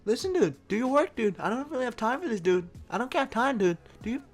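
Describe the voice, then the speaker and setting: Un uomo che imita un supplente basso e irritante dalla voce acuta. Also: male voice, sing-song, fast talker, soft background music, full character voice. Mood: nagging. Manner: high, nagging, repeats dude. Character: short, agitated male substitute teacher who nags constantly.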